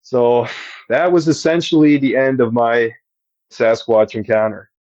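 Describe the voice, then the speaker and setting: A man's voice: medium pitch, unhurried, darkish tone, no room sound, highs cut off. A man telling, earnestly and with emphasis, about a personal encounter as a guest on a podcast. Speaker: eyewitness guest.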